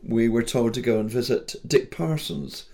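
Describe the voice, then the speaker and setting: A man who collects folk songs, telling anecdotes in a chatty, relaxed interview. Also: mid-range voice, normal speed, vocal fry.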